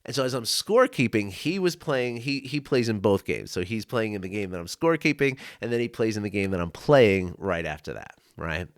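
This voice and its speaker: A male life coach telling a personal story to camera, earnest and reflective, with frequent "you know" and "right?" asides and soft laughs. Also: lowish voice, animated, fairly quick, hardly any pauses, dry recording, clean studio sound. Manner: laughs often between thoughts. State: tearful at times.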